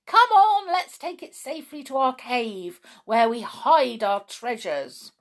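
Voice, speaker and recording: A woman voicing a crowd of greedy gnomes in a shrill, shouting storybook manner. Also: animated, slow pace, heavily acted. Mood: gleeful.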